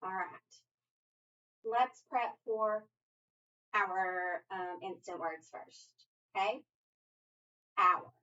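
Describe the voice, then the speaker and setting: A woman tutoring reading, walking a student through phonics coding rules at a slow, deliberate pace. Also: mid-range voice, bright, forceful tone, far from the mic. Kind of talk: structured phonics lesson. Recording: muffled audio from away from the mic.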